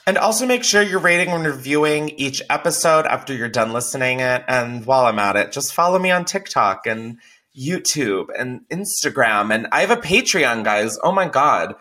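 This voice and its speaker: A man's voice: medium pitch, sing-song, moderate pace, sharp tone. A young man hosting a podcast, chatting candidly with lots of swearing and laughter. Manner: candid, profane, laughs often. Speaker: podcast host. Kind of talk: casual chat.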